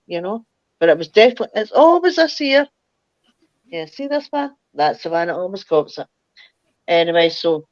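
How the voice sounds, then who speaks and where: A woman's voice: lowish voice, no echo, highs cut off. An older woman, telling a rambling, chatty ghost story as a guest. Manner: rambling, chatty, laughs through her story. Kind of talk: casual storytelling.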